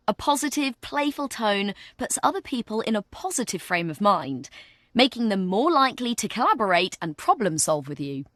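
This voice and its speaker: A woman's voice: medium pitch, big pitch swings, normal speed, fairly bright tone, no echo, studio quality. A woman guiding the listener through a communication training exercise in scripted, encouraging narration, coaching them step by step. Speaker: virtual training guide.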